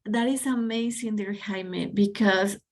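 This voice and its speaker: A woman's voice: mid-range voice, steady tone, unhurried. Brief: woman from Mexico, guest teacher on a video call, effusive and encouraging. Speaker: pronunciation teacher and guest speaker. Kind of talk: online presentation and chat.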